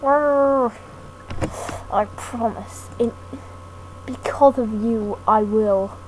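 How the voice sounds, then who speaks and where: Gaming woman, high-ish voice, slow rambling delivery, hiss on the home mic. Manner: slow, hesitant, self-deprecating rambling with many restarts. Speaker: gaming YouTuber. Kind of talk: rambling thank-you talk over gameplay. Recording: noisy home mic recording.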